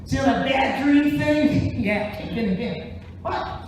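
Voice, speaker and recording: Male stand-up comic telling a story on stage, animated, very echoey theater, distant mic. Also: extremely high pitch, takes it slowly, a little hiss or hum. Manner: animated, jumps into voices. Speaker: stand-up comedian and musician. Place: large theater stage, live show.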